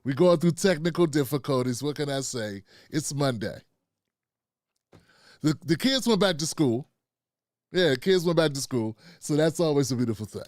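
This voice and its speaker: Animated and a little high, with a darkish tone, this middle-aged host speaks at a moderate pace. On his casual live stream he chats freely with viewers and his producer, frequently saying "man" and "fam." The recording is dry and of studio quality.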